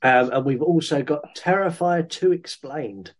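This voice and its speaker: A man's voice: on the high side, unhurried. Man teasing his co-host on a podcast. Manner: teasing, plugs the show. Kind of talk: casual chat.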